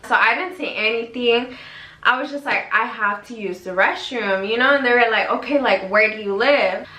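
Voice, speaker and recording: A woman's voice: fairly high pitch, normal speed, sharp tone. A young woman vlogger telling a storytime in a casual, chatty way, full of "like" and the odd swear word. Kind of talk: storytime vlog. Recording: roomy echo.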